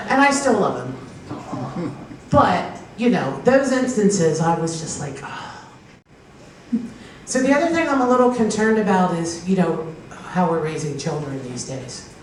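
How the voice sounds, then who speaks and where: A woman's voice: on the low side, a little mellow. Stand-up woman in an echoey hall. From Pennsylvania. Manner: storytelling, acting out quoted voices, laughing at her own punchlines. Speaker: stand-up comedian. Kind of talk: stand-up comedy set. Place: live comedy show with an audience. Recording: echoey hall recorded from far off with faint noise.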